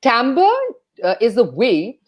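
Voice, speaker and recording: A woman from India, a speech coach and radio jockey giving an interview, talking expressively and playing up pitch and pauses. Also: lively intonation, highs cut off. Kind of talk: enthusiastic interview talk.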